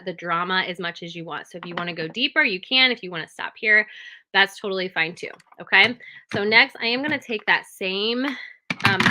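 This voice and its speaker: A woman's voice: medium pitch, background noise. A woman giving a step-by-step makeup tutorial, talking the viewer through each move and checking in with a frequent "okay?".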